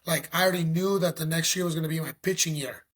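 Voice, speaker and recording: A man recounts a story as a podcast guest, animated and full of slang. His voice sits a bit high for a man and has a husky edge. He acts out what others said as he goes. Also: quick pace. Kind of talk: casual storytelling.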